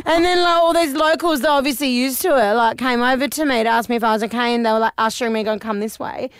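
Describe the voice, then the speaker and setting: A woman's voice: a little high, very fast, smooth, dry recording, clean studio sound. A woman hosting a podcast, chatty and laughing often as she tells stories. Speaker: podcast host. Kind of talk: casual chat.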